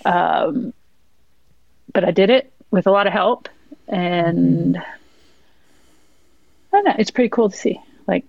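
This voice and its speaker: A woman's voice: lowish voice, takes it slowly, vocal fry, long pauses, no echo. A woman from the West Coast of Canada, a guest in casual chat, modest and laid back, with many fillers. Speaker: guest, soccer player. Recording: dull dry sound.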